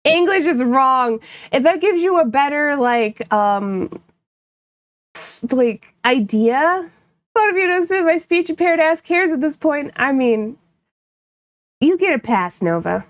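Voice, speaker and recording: A woman's voice: sits high, animated, slow, no room sound. A woman from upstate New York, chatting casually with her live-stream viewers, playful and laughing often while she teases chat.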